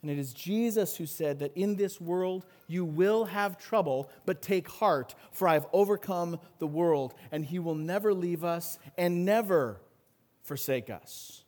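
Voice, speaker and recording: High-voiced man preaching a sermon. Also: measured pace, a little mellow. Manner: earnest preaching, rising and falling in intensity. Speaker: pastor.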